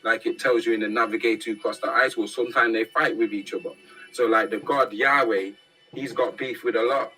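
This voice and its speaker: A man's voice: on the low side, steady tone, fairly quick, sharp tone, faint music behind, poor audio. Swearing slangy man ranting. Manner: profane, slangy, ends points with "yeah?". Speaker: commentator. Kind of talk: casual monologue.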